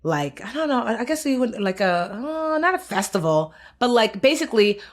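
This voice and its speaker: At a normal speed, this woman talks in a higher, sing-song voice as a podcast co-host with an American accent. The casual chat finds her honestly and somewhat tiredly reflecting on the year.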